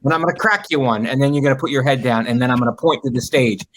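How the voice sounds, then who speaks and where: Bright-voiced man joking on a podcast. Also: medium pitch, very fast, slight background noise. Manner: playful, mock-stern bits, laughs along. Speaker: podcast co-host, comedian. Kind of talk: casual comedy podcast banter.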